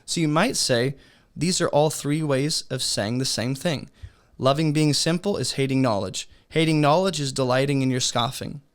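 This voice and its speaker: A man teaching a beginner's Bible study lesson in a relaxed, conversational way, asking his listeners rhetorical questions. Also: medium pitch, normal speed, clear, resonant tone.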